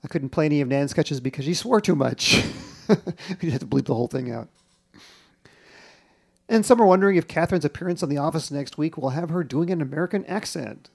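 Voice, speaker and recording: Guy hosting a tv podcast, calm informative narration. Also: a little high, gravelly. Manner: informative, measured. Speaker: podcast host. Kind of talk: scripted narration and chat.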